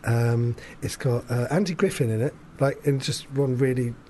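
A man hosting a casual chat, rambling and animated, swearing freely as he talks. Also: medium pitch, moderate pace, slight background noise. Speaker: podcast host.

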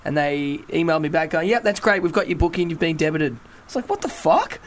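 A man who works as a DJ co-hosting a casual radio show, telling an animated story with swearing. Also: a little high, quick pace. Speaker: radio co-host and DJ.

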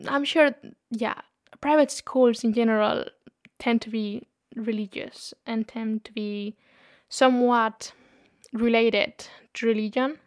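Chatty young woman, bright higher voice. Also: slow pace, no echo, clean studio sound. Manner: chatty and animated, laughs often. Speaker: podcast host. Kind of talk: casual storytelling monologue.

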